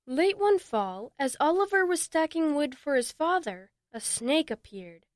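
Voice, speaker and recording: A woman narrating a children's story in a gentle, steady reading voice. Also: high voice, a little slow, no room sound, studio quality.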